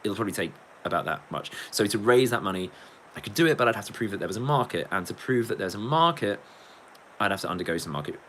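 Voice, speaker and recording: Man, English accent, very low voice, casual livestream chat, rambling, sweary, faint noise. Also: lively intonation, fast talker, a bit bright, rough recording. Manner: rambling, sweary, jokey, reads chat aloud. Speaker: livestreaming musician.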